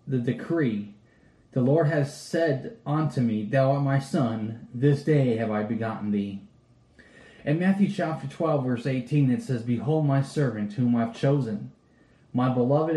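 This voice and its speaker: Male preacher, earnest sermon delivery, dark mellow tone, reverberant room. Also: medium pitch. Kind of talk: sermon reading Bible verses.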